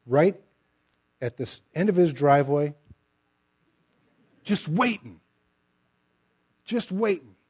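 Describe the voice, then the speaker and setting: Middle-aged guy preaching, dark mellow voice, emphatic, trails off soft at the ends. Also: on the high side. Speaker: pastor. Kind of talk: sermon.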